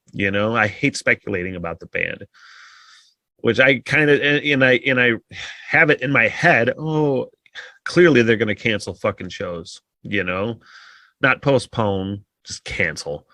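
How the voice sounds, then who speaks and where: A man talks alone into a close podcast mic, rambling loosely and cursing freely, with many sighs between thoughts. His voice has a sharp, bright edge, and the sound is dry with no room to it. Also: lowish voice, no echo. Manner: rambling, heavy swearing, frequent sighs. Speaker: podcast host. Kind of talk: casual solo podcast monologue.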